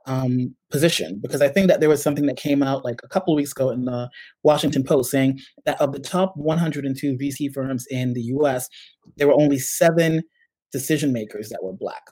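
A man's voice: medium pitch, brisk, dry recording, poor audio. A middle-aged man with a New York accent, a startup CEO and guest, telling stories in casual conversation and acting out what others said. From United States. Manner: animated storyteller, acts out quoted voices.

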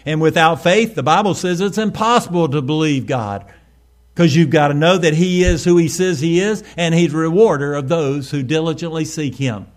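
A male pastor, preaching a sermon with sudden swells in volume and slowed, stressed phrases. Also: a little high.

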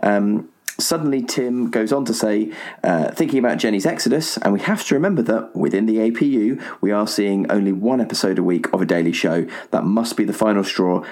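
A man's voice: lowish voice, a little fast, a little mellow. A male podcast host reading out listener messages in a wry, self-mocking way.

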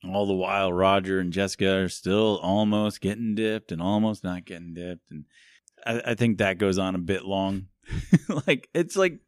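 In a clean studio recording without echo, a low-voiced man co-hosts a podcast and casually recaps a movie at a moderate pace. He rambles, laughs often, keeps saying "like," and pokes fun at himself.

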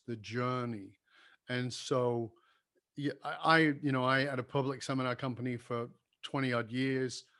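A middle-aged man who once ran a seminar company, telling stories in a casual conversation and acting out the voices of the people he quotes. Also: mid-range voice. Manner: animated storyteller who acts out quoted voices. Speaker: former seminar company owner.

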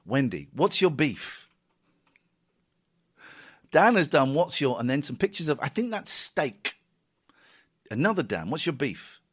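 A man's voice: on the high side, very animated, moderate pace, a bit bright, breathy edge. A man hosting a casual radio show, rambling and self-mocking as he reads tweets and runs through the schedule. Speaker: radio host.

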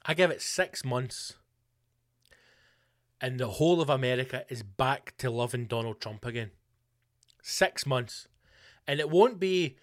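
A Scottish man hosting a comedy podcast, ranting in a sweary, animated way. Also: medium pitch. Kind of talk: comedic rant.

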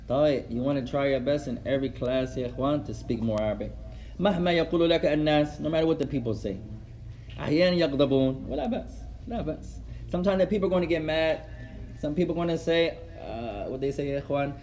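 A man's voice: a little high, animated, very fast, darkish tone. A male teacher giving a classroom lesson, switching between Arabic and English and repeating words for the class. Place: classroom with students.

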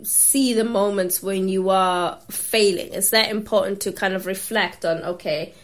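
A woman's voice: mid-range voice, steady tone, a little slow. Attentive woman interviewer. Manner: attentive, encouraging, laughs along. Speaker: interviewer, host. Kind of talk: interview questions and backchannel.

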